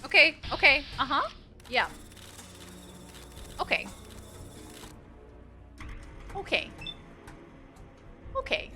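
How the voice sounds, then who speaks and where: With a high voice, big pitch swings and a very slow delivery full of pauses, a young streamer chats with viewers over background music. She comes from the Boston area and has its accent, keeping the gameplay talk casual, talkative and self-mocking.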